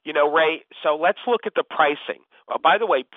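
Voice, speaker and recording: A man's voice: a little high, normal speed, no echo. A man acting as a real estate coach, giving instructive advice on a call and often addressing the listener by name. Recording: tinny phone line, dry.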